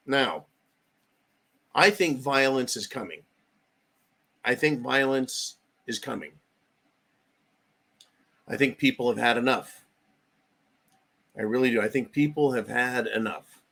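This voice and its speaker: A man's voice: mid-range voice, takes it slowly, creaky, long pauses, sharp tone, breathy edge. Sarcastic ranting man host. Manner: sarcastic and profane. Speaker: host of a political commentary channel. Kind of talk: ranting political commentary.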